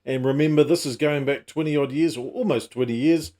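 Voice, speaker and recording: A man's voice: mid-range voice, brisk, darkish tone. A middle-aged man hosting a casual comedy vlog, full of wry, self-mocking asides and teasing jokes. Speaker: channel host.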